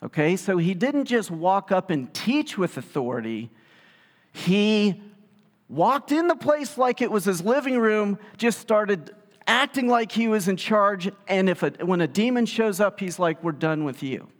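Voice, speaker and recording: A male pastor preaching a sermon in a conversational, animated storytelling way, with casual asides. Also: sits high, measured pace. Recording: reverberant hall sound.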